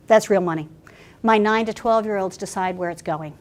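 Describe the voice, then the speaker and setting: A woman pastor telling stories in a workshop talk, animated and chatty with frequent restarts. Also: mid-range voice, moderate pace.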